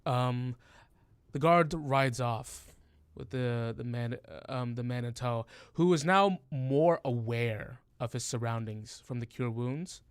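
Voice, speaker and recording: A man's voice: medium pitch, slow, smooth, dry recording. A man narrating a tabletop game as game master, hesitant, with many fillers and restarts.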